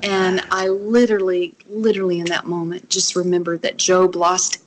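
A middle-aged woman tells a personal faith story as a guest. Her voice sits a little low, and she is earnest and animated, acting out the voices of the people in her story. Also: normal speed, slight background noise. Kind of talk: emotional personal testimony.

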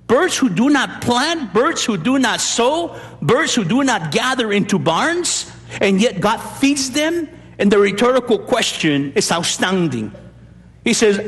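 An older man preaching a sermon as pastor, emphatic and animated, asking rhetorical questions. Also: very high voice. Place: church. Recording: long hall reverb.

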